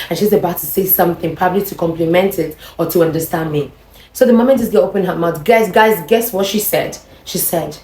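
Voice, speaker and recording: A woman's voice: on the low side, quick pace, a little hiss or hum. Nigerian woman telling a story in a roomy echo. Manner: animated, addresses the viewers directly. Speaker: vlogger. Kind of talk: storytime monologue.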